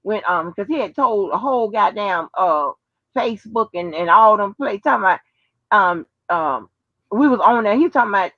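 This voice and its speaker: A woman's voice: medium pitch, animated, normal speed, no room sound. Brash slangy woman on a lo-fi stream. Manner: brash, slangy, swears freely. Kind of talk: casual chat.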